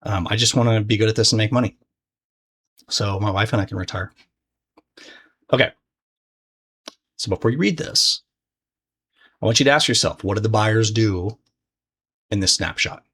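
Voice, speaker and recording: Laid-back man teaching, low voice. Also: moderate pace, pauses often, a bit bright, breathy edge. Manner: casual, profane, conversational with frequent restarts; speaks directly to the viewer. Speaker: trading course instructor. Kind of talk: casual recorded lesson.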